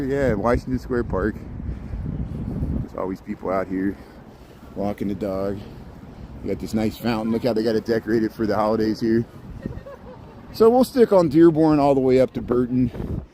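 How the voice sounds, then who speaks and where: A man's voice: medium pitch, animated, normal speed, long pauses, noisy background. Chatty man live-streaming a city walk. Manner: rambling, chatty, reads out viewer comments. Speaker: live-streaming walking vlogger. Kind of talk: casual walking commentary to live chat. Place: outdoors on city streets at evening.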